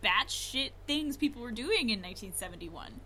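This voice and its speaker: Bright-voiced chatty woman podcaster. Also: fairly high pitch, normal speed. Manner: chatty, animated, laughs often. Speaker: podcast co-host. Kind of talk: casual chat.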